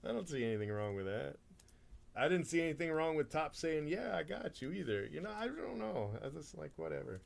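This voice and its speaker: A man's voice: a little high, very animated, fairly quick, gravelly. A man hosting a live card break stream, chatting casually, laughing often and rattling off player names.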